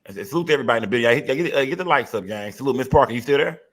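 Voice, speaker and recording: A man hosting a live stream podcast, shouting out and calling on callers. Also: medium pitch, animated, rapid-fire. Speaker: host.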